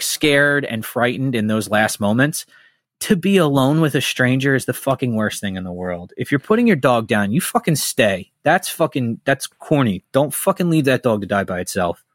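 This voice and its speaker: A man chatting on a podcast, his voice mid-pitched and set close to a dry mic. He tells personal stories candidly, swears freely and gets heated about what upsets him. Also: expressive, normal speed, no room sound. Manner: candid, profane, heated storytelling. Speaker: podcast host. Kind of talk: casual podcast chat.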